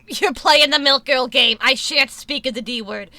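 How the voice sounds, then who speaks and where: Casting: woman streamer, high bright voice, dry close sound, profane rambling chat. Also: normal speed, dry recording. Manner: profane, rambling, many restarts. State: sore tooth. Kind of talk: casual live-stream chat.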